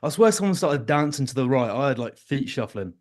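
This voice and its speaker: A man's voice: medium pitch, expressive, brisk, background noise. A man who works as an online fitness coach, chatting casually on a podcast with self-deprecating humor. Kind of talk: casual chat.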